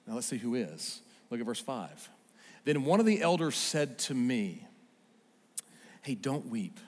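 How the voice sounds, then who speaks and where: Animated preacher man in a reverberant hall. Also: medium pitch, measured pace, long pauses. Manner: animated, swinging from loud emphasis to hushed asides. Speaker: pastor. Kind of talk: sermon.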